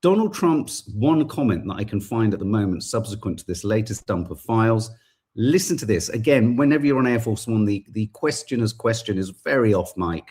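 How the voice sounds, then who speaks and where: A man's voice: fairly low pitch, expressive, a little fast, a little mellow, slightly rough. A man hosting a podcast, giving impassioned, indignant political commentary and swearing now and then. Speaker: podcast host.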